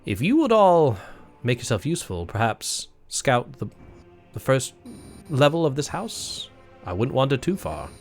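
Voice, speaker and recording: A man's voice: medium pitch, sing-song, unhurried, soft background music. A man plays a blunt monster-slaying woman who talks curtly and brushes others off. The voice stays close to his own register, plain and no-nonsense. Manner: curt, dismissive. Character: blunt, gruff woman ghost hunter with a blade.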